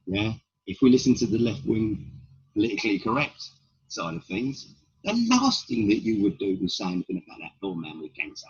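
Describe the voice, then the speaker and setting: Very husky man, blunt storyteller. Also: fairly low pitch, sing-song, fairly quick. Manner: blunt, rhetorical questions, swearing. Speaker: stand-up comedian. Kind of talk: storytelling in an interview. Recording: dull lo-fi recording.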